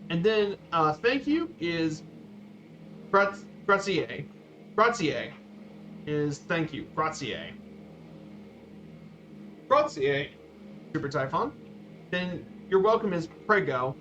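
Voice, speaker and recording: A man streaming a flight simulator, giving a casual slideshow talk with halting, repeated words and fillers. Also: on the high side, animated, fairly bright tone. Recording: dull lo-fi stream audio with faint noise.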